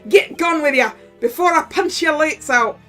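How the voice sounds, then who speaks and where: A gruff Scottish prison governor snaps and blusters at unwelcome visitors, loud and hostile, as a woman reads the part. His voice sits high and carries over a faint bed of game music. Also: animated, normal speed. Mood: angry, threatening. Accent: put-on Scottish. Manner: blustering, suspicious, threatening.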